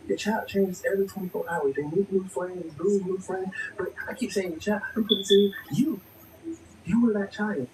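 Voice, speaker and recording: A man hosting a livestream, giving a rambling, preachy monologue that swears freely and talks straight to his viewers. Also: high voice. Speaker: livestream show host. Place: home craft room. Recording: distant mic with room noise and TV.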